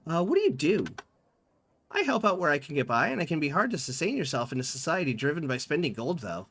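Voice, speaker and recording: A man's voice: a little high, quick pace. A man streaming a text game, reading its dialogue aloud and chatting about it. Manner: lively, reads in-game dialogue with small voice changes.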